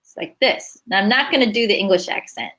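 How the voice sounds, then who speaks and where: A woman's voice: medium pitch, animated, brisk, a bit bright, rough recording. A woman leading a writing workshop in a chatty, upbeat way, laughing easily as she explains. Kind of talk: casual teaching chat.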